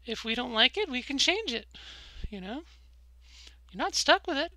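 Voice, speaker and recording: Candid middle-aged woman, bright and dry. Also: high-pitched, sing-song, moderate pace, no echo, rough recording. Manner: rambling, candid, with frequent fillers and restarts. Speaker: vlogger. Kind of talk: candid personal vlog.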